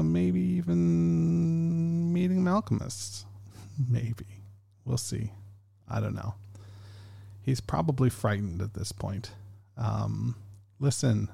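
A man's voice: lowish voice, creaky, mellow. A middle-aged man hosting his own podcast in a casual, rambling way. He talks with lots of fillers and pokes fun at himself. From Canada. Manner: rambling, chatty, self-deprecating, many fillers. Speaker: podcast host. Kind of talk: casual solo podcast talk.

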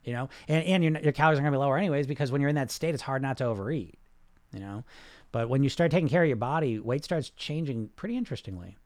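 A man's voice: medium pitch, lively intonation, racing. A man hosting a live podcast, talking straight to his listeners in a rambling, emphatic way with lots of restarts. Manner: frequent restarts and "you know". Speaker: podcast host reading live comments. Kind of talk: live-streamed casual podcast talk.

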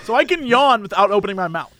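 A man's voice: high-pitched, fast talker, no echo. A man co-hosting a casual podcast chat, joking and slipping into silly voices. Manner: animated, jokey, puts on voices for bits. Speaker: podcast co-host.

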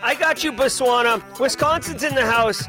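A man hosting a live stream, casually chatting and giving energetic, playful shout-outs to viewers. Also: very high voice, normal speed, music in the background. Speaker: livestream host.

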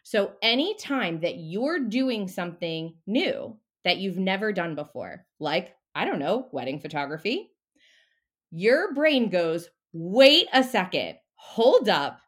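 A woman talking as a mindset coach in a casual podcast interview, animated and a little profane. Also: medium pitch, a little slow.

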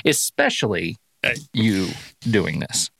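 A man's voice: fairly low pitch, wildly swooping pitch, takes it slowly, creaky, a bit bright, husky, no echo, studio quality. A man hosting a movie podcast and running a guessing game, in a playful, teasing casual chat.

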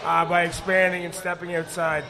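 A middle-aged man and former hockey player, speaking with a raspy voice, answering questions casually at a live bar event. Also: high voice, normal speed, a faint crowd. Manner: relaxed, rambling with fillers.

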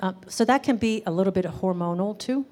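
A woman's voice: mid-range voice, a little fast, mellow. A woman teaching a live class on gestalt therapy, talking casually with many "um"s and questions to the audience.

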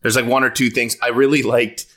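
A man's voice: mid-range voice, little pitch movement, fairly quick, a bit bright. A man co-hosting a podcast in casual chat, loose and chatty, laughing often. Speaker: podcast co-host.

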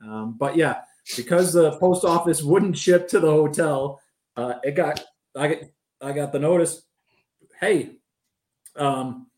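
A man's voice: fairly high pitch, measured pace, long pauses, a little mellow, reverberant. A man guesting on a fan podcast, telling stories in an easygoing way with many fillers. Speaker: guest, fan club organizer. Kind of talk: casual chat.

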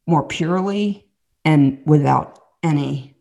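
Woman, low voice, podcast guest, candid testimony, animated and rambling. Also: takes it slowly, creaky. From Southern United States. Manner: animated storyteller, many restarts and asides.

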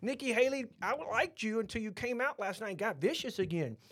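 A middle-aged Texan man speaks bluntly, tumbling through restarts as he airs his opinions on a podcast. His voice sits fairly high for a man, and the sound is dry and close. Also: expressive, fairly quick, a bit bright, breathy edge, dry recording. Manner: blunt, rambling, with many restarts. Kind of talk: casual opinionated chat.

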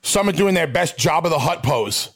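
A man's voice: a little high, lively intonation, normal speed, vocal fry. A man co-hosting a casual talk show, brash and wisecracking as he reacts and asks questions. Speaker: co-host. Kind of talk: casual chat.

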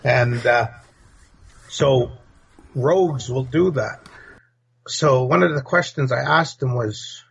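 Blunt rambling guy from north america, husky rough voice, kinda muffled lo-fi audio. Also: mid-range voice, a little slow. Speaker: podcast guest. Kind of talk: casual opinionated talk. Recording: dull lo-fi recording.

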